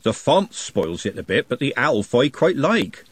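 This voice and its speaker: A man with a husky voice voicing a cheeky, nosy male baker who teases and chatters. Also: mid-range voice, sing-song, unhurried, no room sound, voice pushed up. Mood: teasing. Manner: teasing, chatty.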